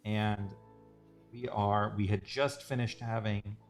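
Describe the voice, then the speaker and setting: A man's voice: fairly low pitch, fairly even intonation, slow pace, soft background music. A man chatting casually while sketching on a livestream, rambling and self-deprecating.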